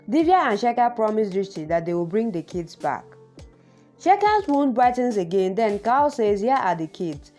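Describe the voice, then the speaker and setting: Lively woman narrating a recap. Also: medium pitch.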